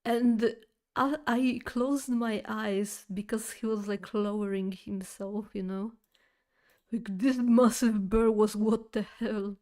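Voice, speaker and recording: A woman's voice: a little high, dark tone. A woman streamer chatting casually with her viewers, rambling through a story with lots of fillers, restarts and giggles. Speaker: streamer talking to chat. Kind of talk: casual chat, telling a nightmare story.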